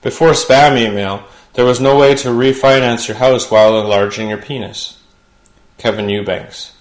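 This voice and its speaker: A man's voice: mid-range voice, unhurried, pauses often. Man delivering a punchy comedy monologue. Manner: punchy joke delivery, chatty asides. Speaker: late-night talk show host. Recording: roomy studio sound.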